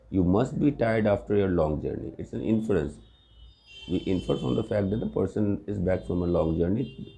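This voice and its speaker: Low, mellow-voiced grammar teacher man. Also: creaky. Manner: explains patiently with examples, often asks "right?". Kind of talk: recorded grammar lesson.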